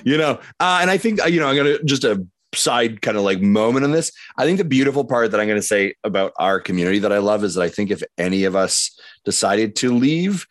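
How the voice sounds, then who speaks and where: A male podcast co-host with a low voice, recorded close and dry. He rambles with plenty of fillers and teases his co-hosts with deadpan humor. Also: quick pace, dry recording. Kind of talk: casual podcast chat.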